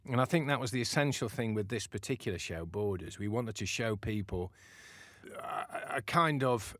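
A playwright being interviewed, telling a story in a lively way and acting out the voices he quotes. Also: lowish voice, normal speed, no room sound. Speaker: playwright guest.

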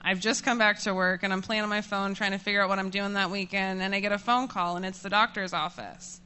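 A woman in her thirties telling a personal story to an audience, candid and self-mocking, laughing often and getting animated as she tells it. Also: medium pitch, quick pace, slight background noise. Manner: animated, voices rising when furious.

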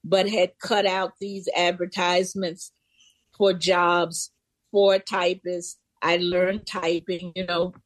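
Older woman, interview guest, lively storyteller, dry close sound. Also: fairly low pitch, slow pace, no echo. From Memphis. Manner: vivid storyteller, acts out voices in quotes. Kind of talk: personal storytelling.

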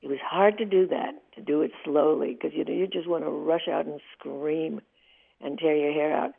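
A woman's voice: low-pitched, steady tone, moderate pace, creaky, slightly rough. Older woman telling her story over a phone line. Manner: vivid, emotional storyteller. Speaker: interview guest. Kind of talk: candid storytelling interview.

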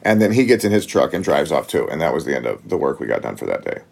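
A gym owner, a man, telling a story in a casual interview, getting animated as he recounts the shock. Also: fast talker, gravelly, husky. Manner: animated, rises high when retelling shock.

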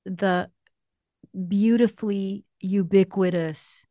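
A woman's voice: medium pitch, fairly even intonation, takes it slowly, warm tone, dry recording. A woman interviewer, enthusiastic, who laughs along with her guest. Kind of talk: conversational interview.

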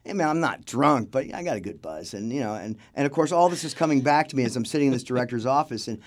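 A man's voice: medium pitch, lively intonation, fast talker. A middle-aged man telling stories in a casual interview as a guest, acting out the voices of the people he quotes. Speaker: interview guest, film crew grip.

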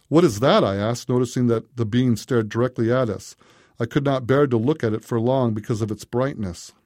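Mellow-voiced male storybook narrator. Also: medium pitch, no echo, studio quality. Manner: steady, unhurried storytelling. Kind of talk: first-person storybook narration.

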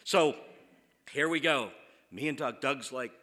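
A man telling a funny personal story on stage, self-mocking and animated. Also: mid-range voice, a little slow, long reverb tail. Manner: animated, self-mocking, acts out quoted voices. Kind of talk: comic live storytelling.

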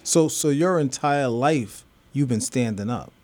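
Mellow male interview host. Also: mid-range voice, expressive, a little slow. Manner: affirming, encouraging listener. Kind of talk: conversational interview.

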